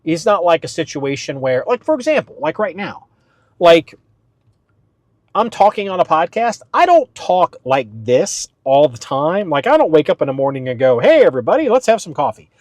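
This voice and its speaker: A man's voice: a little high, very animated, moderate pace, no echo. Rambling male podcast host, dry sound. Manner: rambling, with many fillers and restarts; talks slightly up for the podcast. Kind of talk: casual solo podcast talk.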